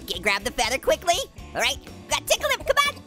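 A high, very lively woman's voice giggles and puns her way through a game. She talks at an unhurried pace while teasing the character on screen. Game music plays clearly behind her. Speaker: gaming host. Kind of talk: playful let's-play commentary.

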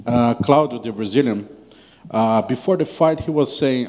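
Mellow-voiced male reporter, echoing hall. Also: medium pitch, normal speed. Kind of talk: press conference questions. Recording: long reverb in a big room.

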